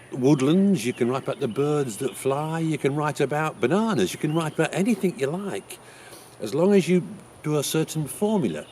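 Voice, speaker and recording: An actor with an English accent playing the playwright Shakespeare, chattily teaching how to write a sonnet. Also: male voice, medium pitch, slight background noise. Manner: chatty, explains things with homely examples. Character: William Shakespeare, chatty old male playwright. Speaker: writing teacher. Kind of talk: in-character writing lesson.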